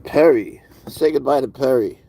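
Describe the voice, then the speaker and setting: A man's voice: medium pitch, moderate pace, vocal fry, warm tone, a little hiss or hum, rough recording. A man streaming live, casually chatting with viewers and answering their comments in a rambling, curious way.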